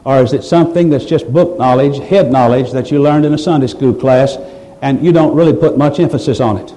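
A man's voice: mid-range voice, fairly quick, warm tone, rough recording. A man preaching a sermon, pressing his listeners with rhetorical questions and building to emphatic, raised passages. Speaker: pastor.

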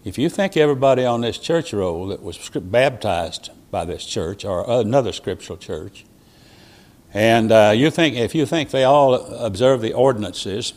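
A man preaching a sermon as a traveling preacher, telling stories with quoted dialogue and sudden loud rises and soft drops. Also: medium pitch, lively intonation, normal speed.

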